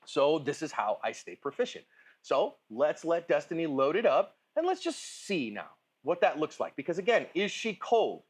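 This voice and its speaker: A man's voice: a little high, wildly swooping pitch, normal speed, breathy edge. Chatty man coaching on a range. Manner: chatty, informal, asks "right?" and "okay?" often. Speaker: firearms instructor. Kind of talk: casual range instruction. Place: shooting range.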